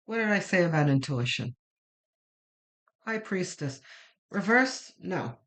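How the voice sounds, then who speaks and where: A woman's voice: lowish voice, animated, slow, fairly bright tone. A middle-aged woman giving a casual, meandering tarot reading, chatty and full of fillers. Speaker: tarot reader.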